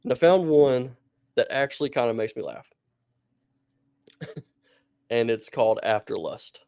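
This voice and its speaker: A man's voice: mid-range voice, expressive, measured pace, warm tone, smooth, no room sound, clean studio sound. A man co-hosting a podcast, telling stories in a rambling, casual way and laughing often. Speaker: podcast co-host.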